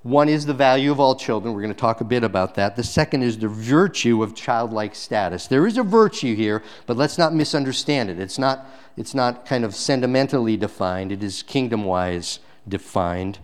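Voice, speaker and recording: A male pastor preaching a sermon, swinging between loud emphatic peaks and quiet, intense passages, with rhetorical questions to the congregation. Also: mid-range voice, lively intonation, moderate pace, smooth.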